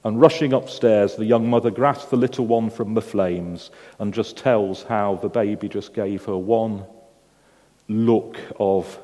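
Mellow-voiced preacher in a reverberant hall. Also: male voice, lowish voice, fairly even intonation, measured pace. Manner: storytelling, asks the congregation questions. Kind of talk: sermon. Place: church hall with a congregation.

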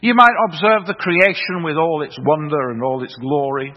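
A man's voice: a little high, normal speed. A middle-aged man, preaching a sermon in a wry, self-deprecating storytelling manner that builds into earnest proclamation. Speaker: preacher, former theological college principal. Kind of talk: sermon with humorous anecdote. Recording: reverberant hall, slightly muffled sound.

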